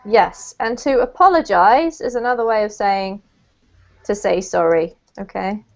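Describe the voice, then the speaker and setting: A woman's voice: medium pitch, unhurried. A woman teaching English in an online lesson, explaining words patiently and checking understanding with little questions. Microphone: video call. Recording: muffled video-call audio.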